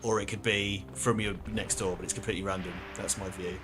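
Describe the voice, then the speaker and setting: Guy playing a game on stream, kinda low voice, chatty and sweary. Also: a little fast, over music. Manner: chatty, swears, bursts of excited shouting. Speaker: livestream co-host playing the game. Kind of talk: casual chat while gaming.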